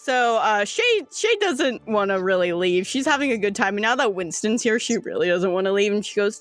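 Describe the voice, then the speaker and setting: A woman's voice: mid-range voice, animated, normal speed, few pauses, a bit bright, soft background music. A woman narrating as game master in a tabletop game, giggly and rambling.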